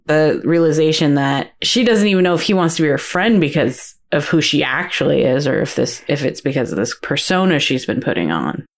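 A woman's voice: low-pitched, expressive, fairly quick, hardly any pauses. A middle-aged woman co-hosting a podcast, chatting casually and reflectively, drawing on her own family life. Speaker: podcast co-host. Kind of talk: casual chat.

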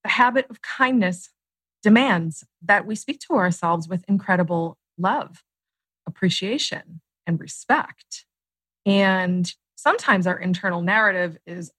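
A woman's voice: lowish voice, animated, unhurried, fairly bright tone, slightly rough, dry recording. A woman in her late thirties, a guest author and coach, explaining her ideas in a podcast interview and acting out inner voices with animation. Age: late 30s.

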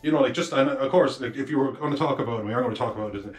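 A man's voice: medium pitch, racing, faint music behind. A man co-hosting a casual film review podcast, rambling with many restarts and the odd swear. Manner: rambling, self-interrupting, swearing. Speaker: podcast co-host.

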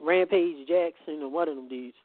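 A man's voice: a little high, normal speed, dry recording. A man as a podcast guest in casual chat, rambling and repeating words as he goes. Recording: tinny phone-like line.

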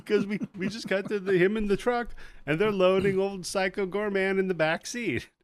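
A man co-hosting a comedy podcast, retelling a movie plot with lots of swearing and acting out the characters in quick bits. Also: sits high. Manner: animated storytelling, acts out movie characters. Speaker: podcast co-host. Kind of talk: casual comedic movie recap.

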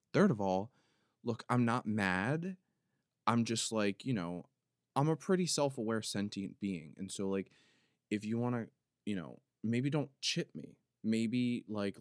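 A man with a lowish, smooth voice rambles through a casual podcast monologue, leaning on "like" and trailing asides. He sounds close to the mic in a dry room with no echo. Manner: rambling, full of "like" fillers. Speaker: podcast host.

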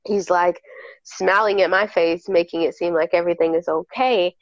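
A woman's voice: on the low side, moderate pace, dry recording, muffled recording. A woman guest on a podcast telling a personal story candidly and animatedly, acting out what people said. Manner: candid, animated, acts out quoted dialogue. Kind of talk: casual storytelling chat.

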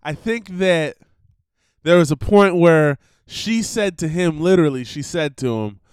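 A man's voice: a little high, animated, unhurried, darkish tone, clear, resonant tone, no echo, clean studio sound. A young man hosting a podcast, rambling in a casual monologue full of fillers and laughter. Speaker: podcast host. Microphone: computer recording setup.

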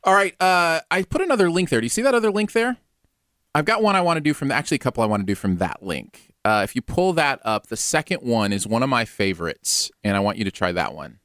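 A man's voice: mid-range voice, quick pace, no echo, studio quality. A man co-hosting a casual livestream, teasing and leading the game segments. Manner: animated, teasing, leads the segments. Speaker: co-host running the games. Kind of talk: casual chat.

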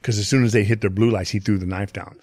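A man's voice: on the low side, fairly even intonation, fast, darkish tone. A man on a podcast telling a story in a casual, rambling way, swearing often and leaning on filler phrases. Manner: profane, rambling, full of "you know what I mean". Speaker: podcast guest. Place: podcast studio.

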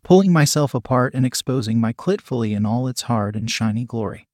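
A man reading a first-person story aloud in a steady, even manner. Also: mid-range voice, a little fast, hardly any pauses, no room sound, studio quality. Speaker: audiobook narrator.

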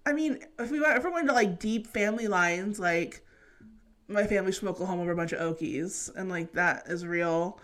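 A woman's voice: mid-range voice, brisk. A young woman from California, co-hosting a podcast in casual chat, chatty and laughing often as she tells stories. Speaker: podcast co-host.

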